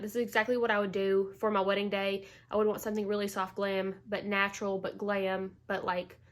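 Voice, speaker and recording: This beauty vlogger has a mid-range, somewhat bright voice and keeps her makeup tutorial loose and chatty. She sounds congested and slightly winded from allergies, peppering everything with "like" and "um."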